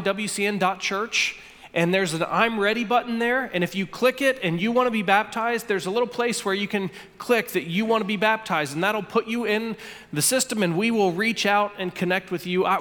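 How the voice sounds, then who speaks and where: A man's voice: sits high, normal speed, fairly bright tone, in a large hall. A man preaching a sermon as pastor, earnest, often repeating a word as he starts a phrase. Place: church sanctuary.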